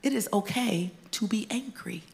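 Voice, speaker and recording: A woman preaching a sermon in a conversational, folksy way, swinging from loud emphatic bursts to hushed whispers. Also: medium pitch, moderate pace, gravelly. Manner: conversational, folksy asides to the congregation. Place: church stage before a congregation.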